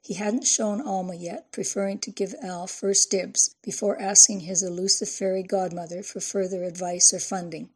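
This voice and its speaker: A woman reading a novel aloud in a measured, even storytelling voice. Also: medium pitch, breathy edge. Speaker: narrator. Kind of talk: audiobook narration.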